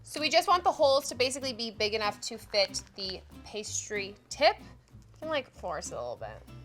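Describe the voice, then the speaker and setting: A woman's voice: fairly high pitch, very animated, moderate pace, soft background music. A woman hosting a cooking show, chatting playfully through a casual baking demonstration and filling her speech with fillers.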